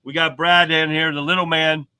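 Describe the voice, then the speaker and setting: A man's voice: fairly high pitch, level tone, normal speed, noisy background. A man hosting a livestream, giving casual commentary in a rambling, chatty way. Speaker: livestream host.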